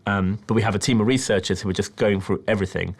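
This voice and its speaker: British guy, film director, lowish voice, thoughtful measured explaining. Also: steady tone. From Britain. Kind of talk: interview about his documentary.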